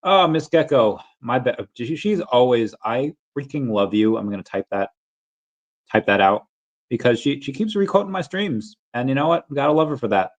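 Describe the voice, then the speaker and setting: A man hosting a casual livestream, reading headlines off the screen and answering his chat in a loose, rambling way. He trips over and repeats his words as he goes. His voice sits at an ordinary pitch, and the recording sounds a bit muffled and lo-fi. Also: big pitch swings, moderate pace. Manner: reads headlines aloud and greets chat viewers, often restarts words. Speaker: livestream host.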